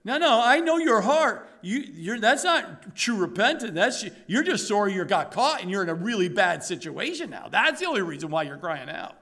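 A man's voice: high-pitched, very animated, moderate pace, few pauses, pushed and bright, heavily acted. A man voicing God as a stern male deity who rebukes his people in a scolding way.

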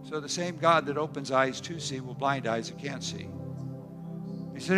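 A man preaches a sermon as a pastor at a moderate pace, with music in the background. He repeats phrases for emphasis and swings his voice sharply up and down.

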